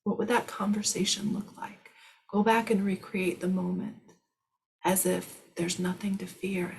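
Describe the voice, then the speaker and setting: A woman hosting a live spiritual question-and-answer session, speaking in a soothing, reassuring way that often sinks to a soft whisper. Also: fairly low pitch, level tone, unhurried, gravelly, slight background noise.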